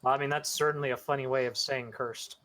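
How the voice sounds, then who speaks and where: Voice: medium pitch, steady tone, fast talker, fairly bright tone, slight background noise. A game master chatting casually with players, making dry, wry jokes.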